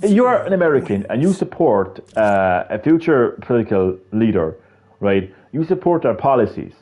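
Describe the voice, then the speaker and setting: Irish man, casual monologue, rambling, lots of fillers, swears, mellow voice. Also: lowish voice, sing-song, normal speed. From Ireland. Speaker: video creator.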